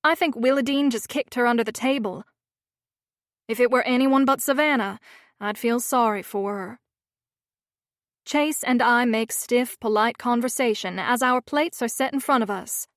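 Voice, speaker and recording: A woman's voice: on the high side, normal speed, dry recording, clean studio sound. A woman narrating a romance audiobook in the first person, with a wry, sardonic manner.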